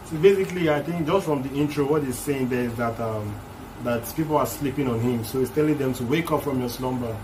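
A man's voice: medium pitch, fairly quick, a little mellow, slight background noise, low-quality recording. A man hosting a music reaction video, casually explaining rap lines one by one in a loose, chatty way.

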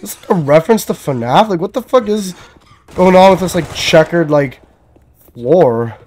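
A young man chatting through his game in a slightly raised pitch, excitable and swearing often. His colors the casual play-by-play, with a faint hiss in the background. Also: normal speed. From Canada. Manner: profane, excitable, talks to himself. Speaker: gamer. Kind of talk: casual gameplay commentary.

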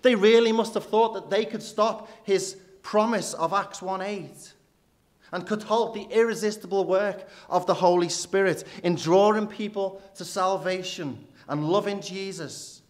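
Man, church sermon, rhetorical, fairly high voice. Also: a little slow. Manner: rhetorical, dropping low and quiet for emphasis. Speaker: preacher.

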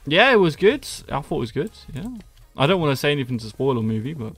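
A man's voice: medium pitch, big pitch swings, quick pace, fairly bright tone, breathy edge, faint music behind. A young man live-streaming Minecraft, chatting jokily with viewers and answering them by name. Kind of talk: casual live-stream chat, reading chat aloud.

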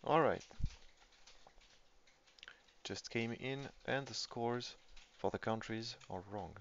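A man's voice: medium pitch, slow, a little hiss or hum. A man giving casual live-stream commentary on a tabletop game, thinking aloud as he reads the game state. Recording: dull lo-fi stream audio.

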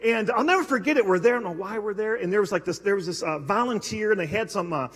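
A man's voice: high voice, fast talker, a bit bright, breathy edge. A male pastor preaching a sermon, telling personal stories conversationally with self-deprecating humor. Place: church sanctuary. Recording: long hall reverb.

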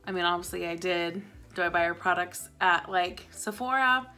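A woman's voice: on the low side, normal speed, pushed and bright, faint music behind. Bubbly woman chatting about a haul. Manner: bubbly, chatty, repeats words for emphasis. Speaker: beauty vlogger. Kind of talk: casual haul chat.

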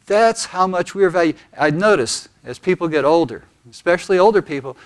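Pastor, male, slightly high voice, earnest storyteller, deliberate phrasing. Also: expressive. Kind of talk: sermon.

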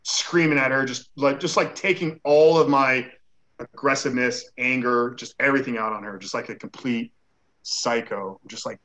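A man's voice: medium pitch, brisk, pushed and bright, low-quality recording. A man who is a guest on an interview show, telling a personal story in a casual way. He acts out the dialogue he quotes and uses many "like" fillers.

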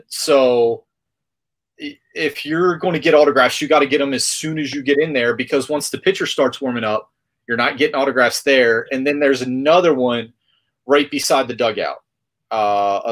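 A man hosting a hobby podcast, casually retelling a trip story with lots of fillers. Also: medium pitch. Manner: rambling, animated retelling with filler words. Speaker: podcast host.

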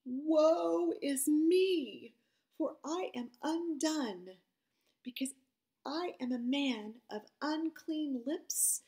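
A woman's voice: high-pitched, darkish tone. A woman doing a dismayed old prophet, exclaiming. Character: awestruck ancient male prophet, dismayed.

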